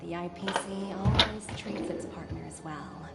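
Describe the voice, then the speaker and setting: A woman voicing a confident corporate executive in a game, speaking in a smooth, self-assured, businesslike way. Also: medium pitch, measured pace, heavy background noise. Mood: poised. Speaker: game character. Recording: roomy game audio under loud music.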